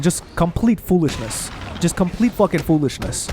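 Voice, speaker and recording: A young man hosting a gaming channel, ranting in a heated, profane, animated way while he plays. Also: high voice, normal speed, faint music behind. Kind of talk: ranting commentary over gameplay.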